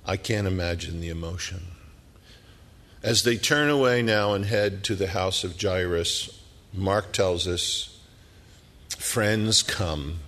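A middle-aged man preaches with a low, gravelly voice that fills a large, echoing hall. He tells the story dramatically, building to loud emphasis and then sinking into quiet whispers. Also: slow, pauses often. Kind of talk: sermon.

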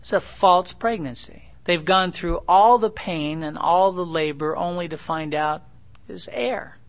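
Folksy middle-aged male preacher, slightly high. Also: a little slow. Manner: folksy, conversational, asks the listeners rhetorical questions. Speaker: pastor. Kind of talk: verse-by-verse Bible teaching.

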